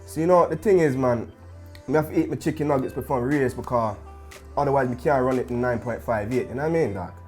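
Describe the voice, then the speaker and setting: A man's voice: mid-range voice, quick pace, a little mellow, soft background music, lightly acted. A man putting on a laid-back Jamaican sprinter voice with a drawling manner. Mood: easygoing. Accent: Jamaican, put on.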